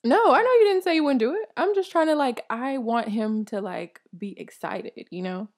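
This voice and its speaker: A woman's voice: a little high, normal speed. Bubbly woman podcast host. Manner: bubbly, laughing often. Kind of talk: casual chat.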